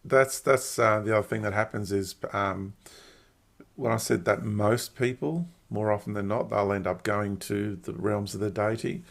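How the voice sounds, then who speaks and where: A man hosting a spiritual talk conversation, explaining ideas in a calm way. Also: lowish voice, normal speed, creaky. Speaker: host.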